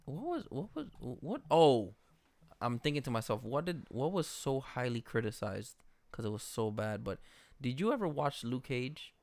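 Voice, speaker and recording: A man's voice: medium pitch, normal speed, creaky, dry recording. A man co-hosting a casual podcast, telling stories animatedly and swearing freely. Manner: animated storyteller, swears freely, says bro. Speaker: podcast co-host. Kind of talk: casual chat.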